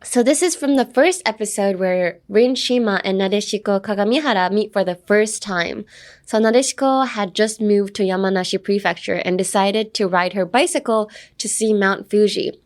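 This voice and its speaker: Young woman host, casual lesson podcast, playful and chatty, lots of "like" and "um", slips into Japanese now and then. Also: medium pitch. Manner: chatty, playful, full of fillers like "like" and "um"; switches between English and Japanese. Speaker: English teacher host.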